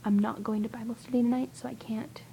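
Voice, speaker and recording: A young woman chats to a friend in a hushed, rambling whisper, hesitant and full of fillers. Her voice sits a bit high but sounds dark and gravelly. A faint noise hums behind her. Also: little pitch movement, fast talker, rough recording. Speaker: vlogger. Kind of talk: casual whispered video chat to a friend.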